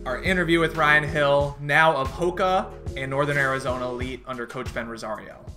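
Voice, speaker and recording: A man's voice: mid-range voice, fairly even intonation, a little fast, loud music behind the voice. A man with a Chicago accent hosting a casual podcast, talking loosely and upbeat with plenty of fillers. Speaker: podcast host.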